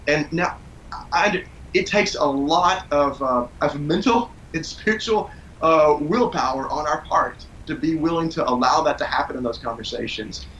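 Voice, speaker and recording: A man in his forties, talking in an earnest, calm way as he gives parenting advice and tells a family story in an interview. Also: a little high, normal speed, slight background noise, low-quality recording. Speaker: parenting guest.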